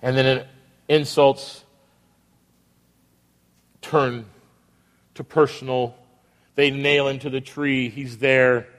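A man's voice: medium pitch, flat delivery, slow, pauses often, a bit bright. A man preaching a sermon as a pastor, asking the congregation rhetorical questions and acting out the voices he quotes. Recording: long reverb of a large hall.

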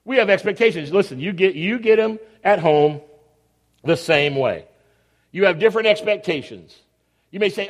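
A man with a fairly high voice delivering a sermon. He speaks casually and animatedly, often dropping into little acted-out scenes and asides. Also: big-room sound. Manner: animated, conversational, acts out scenes. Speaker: preacher.

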